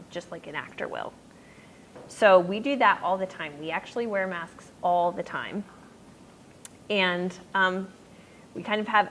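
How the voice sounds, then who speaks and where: A woman's voice: mid-range voice, fairly bright tone, a little hiss or hum, rough recording. Chatty young woman giving a youth talk. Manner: chatty, with frequent fillers and tangents. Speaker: youth speaker. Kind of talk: casual youth sermon. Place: youth group room.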